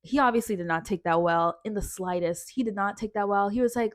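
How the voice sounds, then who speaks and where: A young woman from Canada tells a story to camera in a casual vlog, with a lively delivery that slips into the voices of the people in her story. Her voice sits at an ordinary pitch for a woman and sounds close and dry, with no room echo. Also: brisk. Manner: animated, acts out other people's lines. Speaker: vlogger telling a story.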